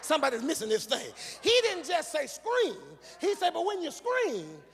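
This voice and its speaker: A male pastor preaching a sermon, moving from quiet teaching into shouted, sung calls to the congregation. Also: very high-pitched, huge pitch swings, a little fast, gravelly. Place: large church sanctuary. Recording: long hall reverb with faint music.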